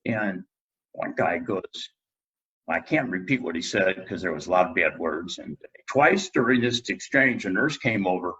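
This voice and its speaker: A man's voice: low voice, normal speed, breathy edge, dull audio. A middle-aged man, a guest dentist, telling a personal story in a podcast interview and acting out what people said. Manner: animated storyteller, acts out quotes.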